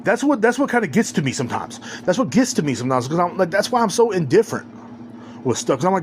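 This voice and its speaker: A man's voice: high voice, very animated, fast, a little hiss or hum. Heated, profane man ranting solo. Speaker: podcast host. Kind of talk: casual ranting monologue.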